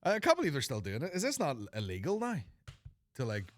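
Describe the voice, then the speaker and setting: In a crude, sweary, joking comedy podcast, the host, a Northern Irish man in his thirties, keeps dropping into mock voices. He talks a little fast in a fairly high voice with wildly swooping pitch, and there's no room sound.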